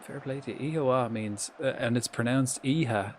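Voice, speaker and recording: A man's voice: mid-range voice, normal speed, slight background noise. A young Irish man chatting casually on his live stream, swearing freely and coaching viewers through pronunciations. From Ireland.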